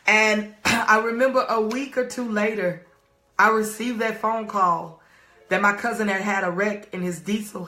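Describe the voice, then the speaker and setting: A woman's voice: medium pitch, pushed and bright, roomy sound. A woman, a life coach on a live stream, emphatically urging her viewers to type and react. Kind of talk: live-streamed motivational talk.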